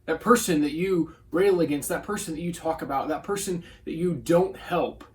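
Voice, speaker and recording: A man's voice: fairly high pitch, normal speed. A male pastor giving a short devotional sermon in an earnest, conversational way, reading scripture and voicing quotes.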